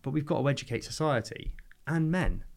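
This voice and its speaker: A divorce lawyer speaks earnestly in a podcast conversation, his voice on the high side, animated, and creaky. He is halting and often restarts his sentences.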